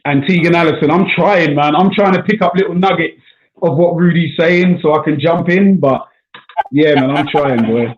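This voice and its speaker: Here a guest comic from South London, England, talks in a fairly high male voice at a moderate pace, loose and chatty, throwing in "man" and "bro" a lot. It's a casual chat over a video call, and the audio comes through echoey and tinny.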